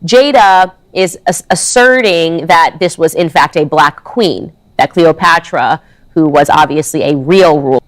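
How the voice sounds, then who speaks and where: A woman's voice: low-pitched, measured pace. A woman giving chatty, sarcastic opinion commentary, explaining her view at length. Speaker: online commentator.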